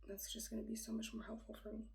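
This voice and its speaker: Rambling young woman, warm voice. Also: fairly high pitch, monotone, fast, poor audio. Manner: rambling, hesitant, easily frustrated, often drops to a whisper. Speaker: astrology reader. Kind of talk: casual astrology vlog, thinking aloud.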